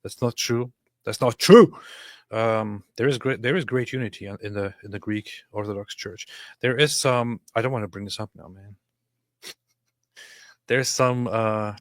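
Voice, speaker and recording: Hosting a casual livestream, a man with a fairly low voice reads viewer comments aloud and laughs often. The sound is clean studio quality with no room sound.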